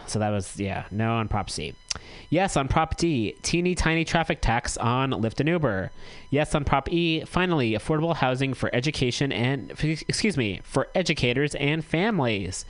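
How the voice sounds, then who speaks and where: A man's voice: mid-range voice, lively intonation, normal speed, no echo, low-quality recording. A man hosting a community radio show, reading out notices in a chatty way and correcting himself as he goes. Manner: chatty, self-correcting, reads notices aloud. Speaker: radio host. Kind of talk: casual community radio talk.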